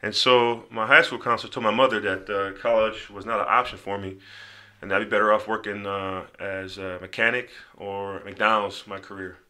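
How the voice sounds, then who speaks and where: A man guest telling his life story in casual conversation, animated, slipping into quoted voices. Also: lowish voice, moderate pace. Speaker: podcast guest.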